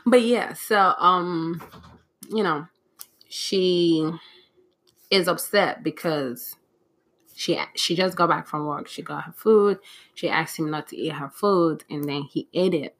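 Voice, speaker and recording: Lady podcaster talking off the cuff, kinda scattered and flustered, lowish voice. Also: measured pace, fairly bright tone. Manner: rambling, scattered, restarts often; frustrated and flustered. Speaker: podcast host. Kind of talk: casual solo podcast talk.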